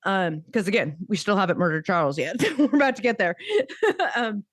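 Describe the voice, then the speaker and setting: A woman's voice: medium pitch, sing-song, normal speed, no echo. A woman co-hosting a podcast in casual chat, rambling with frequent restarts and laughs. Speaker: podcast co-host.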